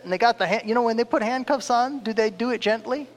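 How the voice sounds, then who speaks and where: A man, a preacher, telling a story in a sermon with an animated, chuckling delivery. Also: very high voice, quick pace. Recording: long reverb of a large hall.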